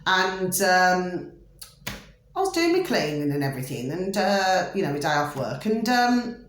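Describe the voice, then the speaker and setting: A woman's voice: on the low side, very animated, a little slow, a little hiss or hum. A woman telling a long personal story in a rambling, chatty way, repeating herself and saying "you know" again and again. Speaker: storyteller sharing a personal experience. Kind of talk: rambling casual monologue. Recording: very echoey room.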